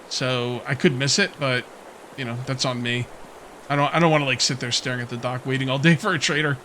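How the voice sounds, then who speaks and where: Bright-voiced man musing over gameplay. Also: a little high, a little hiss or hum. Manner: musing, rambling, self-questioning with soft laughs. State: hiccups. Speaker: gameplay let's player. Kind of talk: casual gameplay commentary.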